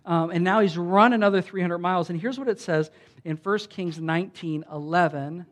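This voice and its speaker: A pastor preaching in a relaxed, talky way, full of restarts and filler words. The voice sits at a middle pitch and keeps swinging from loud, emphatic stretches down to quiet, hushed asides. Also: normal speed. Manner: conversational, with frequent restarts and filler like "like". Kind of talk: sermon.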